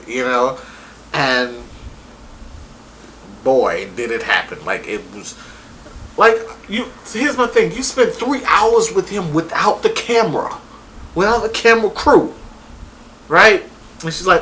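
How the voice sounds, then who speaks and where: Young guy recapping a reality show, swears a lot, bright voice, faint hiss behind. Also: fairly high pitch, unhurried. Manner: profane, animated retelling. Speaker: TV show reviewer. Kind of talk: casual review chat.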